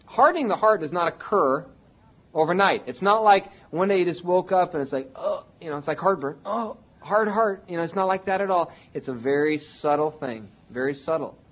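A man's voice: a little high, highs cut off. A man preaching a sermon to his congregation, speaking conversationally and slipping into whiny voices when quoting complaining people. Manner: conversational preaching with acted-out quotes of whining people. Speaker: pastor.

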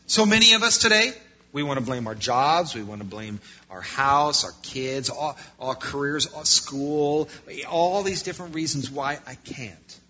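A man preaching a sermon as pastor, swinging between loud passages and quiet ones. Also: mid-range voice, expressive, a little slow. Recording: lo-fi muffled sound.

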